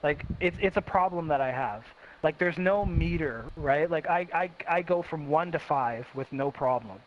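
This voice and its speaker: Higher-voiced man, dull lo-fi sound. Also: normal speed. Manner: emphatic, repetitive self-reflection. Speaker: host. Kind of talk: casual chat. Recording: dull lo-fi sound with faint hiss.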